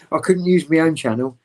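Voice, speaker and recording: Rambling, animated man on a video call. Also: on the high side, low-quality recording. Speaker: guest on a livestream. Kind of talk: casual chat.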